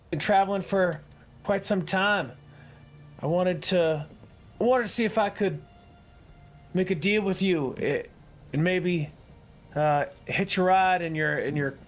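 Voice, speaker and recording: A man voicing a smooth-talking traveler in a tabletop game, with eager, wheedling sales talk. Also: high-pitched, pitched above the performer's own voice.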